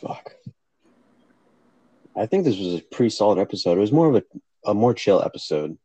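A man's voice: fairly low pitch, sing-song, a little fast, dark tone, husky, no room sound, rough recording. A young man co-hosting a casual podcast, joking and swearing, laughing often, talking on a phone. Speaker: podcast co-host. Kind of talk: casual chat.

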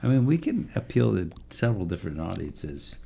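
A man's voice: low-pitched, very animated, a little fast, vocal fry, dark tone, breathy edge. A man co-hosting a casual sports podcast, joking and rambling through loose banter. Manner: joking, rambling, self-deprecating. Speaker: podcast co-host.

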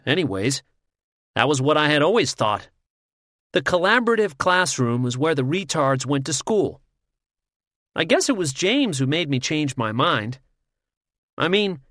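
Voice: mid-range voice, fairly bright tone, dry recording, studio quality. A reader doing a grudging schoolboy. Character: sullen schoolboy diarist. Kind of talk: audiobook reading.

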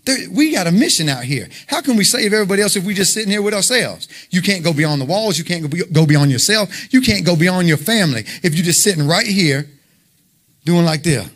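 A man's voice: high voice, animated, a little fast, a bit bright. A man preaching an informal sermon, conversational and emphatic, full of rhetorical questions.

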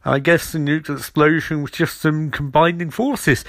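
A man's voice: fairly high pitch, lively intonation, unhurried, fairly bright tone, dry recording, clean studio sound. A man hosting his own podcast, recapping a TV episode casually and jokingly, briefly mimicking characters as he goes. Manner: rambling and jokey, briefly mimicking characters in quotes. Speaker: podcast host.

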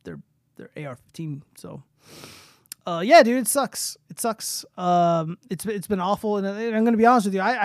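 A man's voice: on the high side, dry recording, clean studio sound. A young man hosting a casual livestream, reading posts aloud and swearing freely in loose, rambling commentary. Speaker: streamer host.

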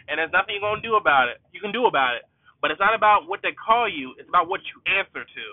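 High-voiced young man stuttering through a pep talk, tinny. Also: lively intonation, quick pace, dry recording. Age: young adult. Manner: stuttering, repeats words, addresses listeners as y'all. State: tired. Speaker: student advocate and podcast host. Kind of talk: casual motivational monologue. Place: inside a car. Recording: tinny phone-like sound.

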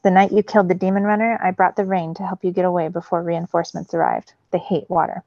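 An ancient male storm god, grave and commanding, as a woman reading aloud puts him on. The voice is gravelly with a dry, dull recording. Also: fairly low pitch, little pitch movement, fast, a little mellow, no room sound.

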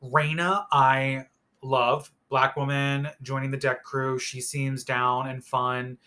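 Man, bright bright-toned voice, loose rambling recap, opinionated and profane, lots of filler words. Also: medium pitch, little pitch movement, takes it slowly. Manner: rambling, opinionated, swears freely, heavy "like" fillers. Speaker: reality TV recap host. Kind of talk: casual TV recap monologue.

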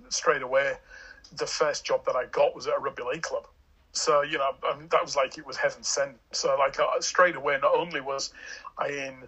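This podcast guest is a man in his forties with a Hull accent from England, chatting casually and rambling with frequent fillers and restarts. His medium-pitched voice has a sharp, slightly rough tone, and the recording quality is low.

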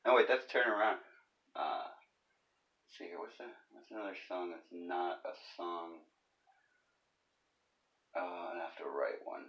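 A man's voice: low-pitched, steady tone, measured pace, pauses often, lo-fi sound. A man hosting his own comedy podcast alone, rambling through jokes with profane, self-deprecating asides. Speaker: podcast host. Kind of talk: comedic solo podcast monologue.

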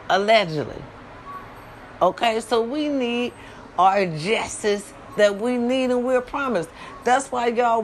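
A middle-aged woman hosting her own podcast, talking bluntly and profanely straight to her listeners, swinging from loud scolding to low warnings. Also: slight background noise. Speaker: podcast host. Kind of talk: casual monologue podcast.

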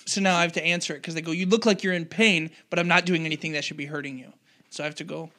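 A man's voice: fairly high pitch, rapid-fire. A man who is a pastor, joking around in casual chat. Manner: joking, animated.

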